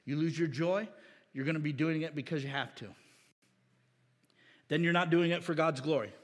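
A pastor delivers a sermon in a loose, conversational way, restarting phrases and building to emphatic peaks. His voice sits a little high for a man. The sound carries a long reverb tail from the hall around him. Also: moderate pace. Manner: conversational preaching with many restarts and rising emphasis.

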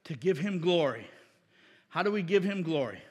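Fairly high-voiced man preaching in a hall. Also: animated, moderate pace, a little mellow, slightly rough. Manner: conversational preaching with many restarts and rising emphasis. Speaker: pastor. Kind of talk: sermon.

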